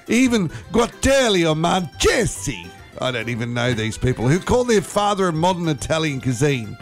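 A man's voice: on the high side, creaky. A man with an Australian accent co-hosting a radio show, chatting and joking in a rambling way. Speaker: radio co-host. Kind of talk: casual banter on air.

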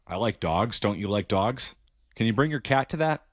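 A man hosting a call-in sports show speaks in a fairly low voice. He is brisk and opinionated. The studio sound is dry and close. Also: animated, no room sound. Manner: opinionated, brisk, takes calls. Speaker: sports radio host. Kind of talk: call-in sports radio talk.

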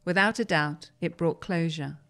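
A woman, reading newspaper articles aloud on the radio in a steady, measured way. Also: lowish voice. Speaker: radio reader.

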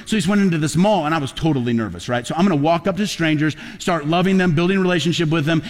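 A male pastor preaches with a fairly high voice, moving between easy storytelling and emphatic, drawn-out peaks. His sermon rings with a long hall reverb, as in a church sanctuary.

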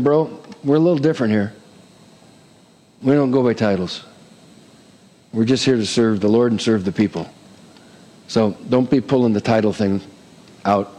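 A middle-aged man preaching a sermon as pastor, emphatic and lively, with touches of humor. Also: mid-range voice, big-room sound.

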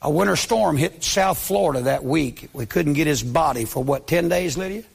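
A man's voice: a little high, moderate pace, vocal fry, husky. A man, a pastor preaching a sermon as a story, impassioned and pleading, dropping to near-whispers when quoting others.

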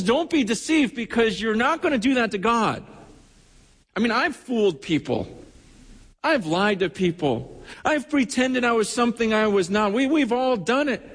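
A man's voice: sits high, husky, in a large hall. A man preaching a sermon with passion, often repeating his words and acting out the voices of people he quotes. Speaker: pastor.

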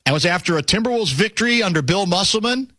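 A middle-aged man hosts a sports talk show with a high, bright, ringing voice. His delivery is animated and swoops up and down as he tells stories and needles his co-host. The sound is dry and close. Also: fast talker, no echo. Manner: chatty, teasing, animated storytelling.

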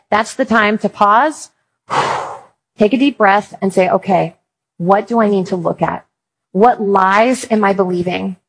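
Woman speaker, husky mid voice, jokey storyteller acting out quotes. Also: mid-range voice, rough recording. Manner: humorous storytelling with acted quotes. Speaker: Christian speaker on apologetics. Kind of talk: conference talk.

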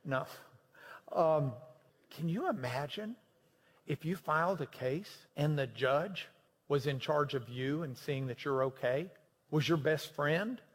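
A man preaching a sermon to a class, swinging between loud emphatic lines and quiet low ones. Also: takes it slowly. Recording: long hall reverb.

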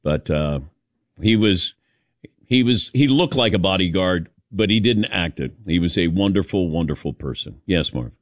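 A man's voice: low voice, lively intonation, normal speed, no echo, studio quality. A man hosting a talk radio show, chatting casually with his co-hosts and taking calls from listeners. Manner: warm storytelling, takes callers.

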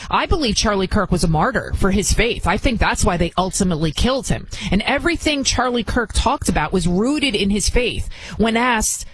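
A woman's voice: mid-range voice, husky, low-quality recording. A woman hosting an opinion commentary show, indignant and prone to repeating words when heated.

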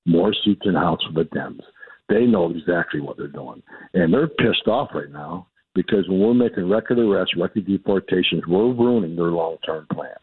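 A blunt, defiant man with a very low, husky voice, hammering home the same points again and again. He comes through a tinny, phone-like line with no room sound. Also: moderate pace, dry recording. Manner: blunt, repetitive, defiant, restarts often. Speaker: radio guest, immigration official. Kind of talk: combative radio interview.

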